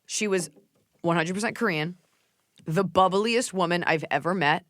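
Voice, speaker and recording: A woman's voice: fairly low pitch, normal speed, no echo. A woman hosting a podcast, chatting casually and telling comic stories while mimicking people. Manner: animated storyteller, mimics people. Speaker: podcast host. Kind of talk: casual comedic chat.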